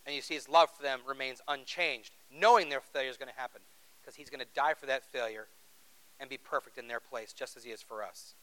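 A man's voice: mid-range voice, fairly quick, fairly bright tone, low-quality recording. A man preaching a sermon in an earnest, conversational way, asking the congregation rhetorical questions. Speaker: pastor.

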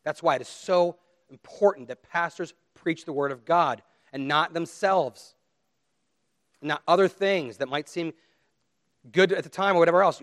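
A middle-aged man preaching a sermon as pastor, earnest and pleading, swinging between loud emphasis and quiet appeals. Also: a little high.

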